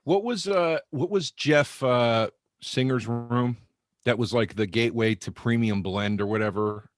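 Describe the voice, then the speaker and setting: A man's voice: mid-range voice, a little slow. A man who is a podcast guest and comedian, rambling through stories and laughing often. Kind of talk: casual podcast chat.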